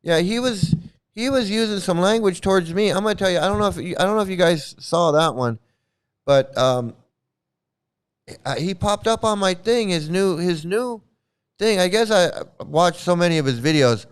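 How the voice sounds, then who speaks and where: A man's voice: high voice, animated, moderate pace, smooth. A man hosting his own channel, talking in a casual, rambling way, often repeating and restarting words, blunt and profane. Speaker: commentary channel host.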